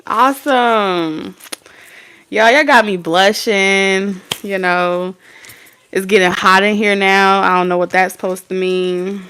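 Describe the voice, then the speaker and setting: A tarot reader hosts a live reading, chatting folksily and casually with viewers, reading their comments and using folksy slang. Her voice is mid-range, smooth and fairly bright, steady in tone and slow-paced.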